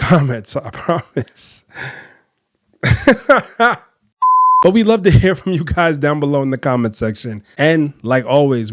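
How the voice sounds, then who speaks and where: A podcast host with a voice on the high side, recorded clean in a studio with no echo. He comments on clips and speaks directly to viewers, calling them fellas and ladies.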